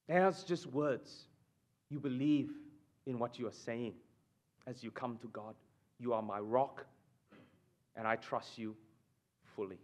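A man preaching a sermon in church, emphatic and animated, often asking the congregation "right?" and dropping suddenly to a hush. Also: a little high. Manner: repeats and restarts phrases, addresses the congregation with "right?". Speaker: pastor.

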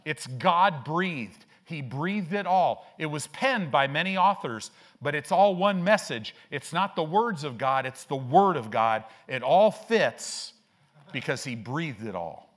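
Animated older man preaching. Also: a little high, unhurried. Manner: animated preaching with rhetorical questions. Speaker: pastor. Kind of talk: sermon.

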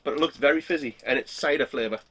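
A man's voice: mid-range voice, fast talker, bright, forceful tone, slight background noise. A man vlogging as he tastes snacks, talking casually and laughing often. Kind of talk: casual snack tasting chat.

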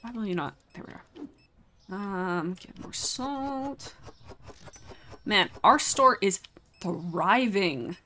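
A woman's voice: medium pitch, lively intonation, takes it slowly, pushed and bright, a little hiss or hum. Chatty young woman streaming a game. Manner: chatty, exclaims often, talks to chat. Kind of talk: casual live game commentary.

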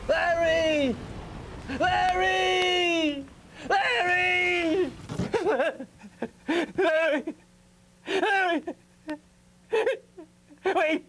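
A man putting on a high, thin voice for a jittery addict in a comedy skit. The addict drags out every word, crackles with vocal fry and trips over false starts. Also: fairly bright tone, exaggerated voice. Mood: distraught. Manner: stammering and hesitant. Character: nervous, awkward addict fussing over a friend.

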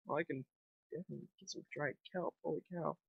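A man's voice: fairly high pitch, fairly even intonation, quick pace, vocal fry, slightly rough, no room sound. A young man chatting casually while playing a game, rambling and thinking aloud with lots of fillers. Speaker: gaming vlogger. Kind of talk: casual gameplay commentary. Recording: dull lo-fi home mic.

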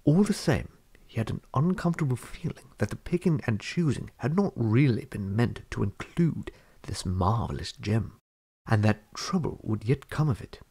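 A man narrating a fantasy storybook chapter in a measured reading voice. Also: mid-range voice, expressive, dark tone, slightly rough. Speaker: audiobook reader.

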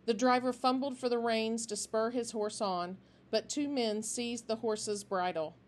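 A woman reading a children's novel aloud in a steady, expressive way. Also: fairly high pitch, measured pace. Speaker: storybook reader.

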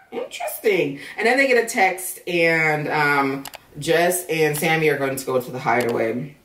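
A woman tears into a reality show in a blunt, profane, animated rant, swearing freely. She sits back from the mic, and the room echoes around her. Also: fairly low pitch, distant mic. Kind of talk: casual rant.

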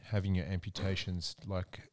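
A man's voice: sits low, level tone, moderate pace. A man hosting a casual podcast interview, laughing easily and swearing casually. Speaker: podcast host.

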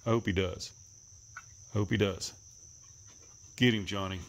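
A man talking to his animals outdoors, coaxing and teasing them, sometimes cussing and calling out in a high voice. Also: steady tone, unhurried. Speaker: animal keeper filming his pets. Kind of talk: casual running commentary to animals. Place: outdoors, rural.

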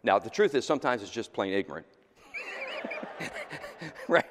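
A middle-aged male pastor preaching a sermon, swinging between loud exhortation and quiet, intimate asides. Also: fairly low pitch, big pitch swings, moderate pace, pauses often. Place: church sanctuary. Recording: long hall reverb in a church sanctuary.

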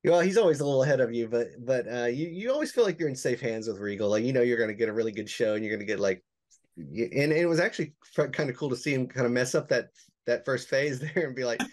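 A man co-hosting a magic web show in casual chat, talking in quick bursts with restarts and fillers. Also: medium pitch, a little mellow. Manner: fast, with restarts and filler words.

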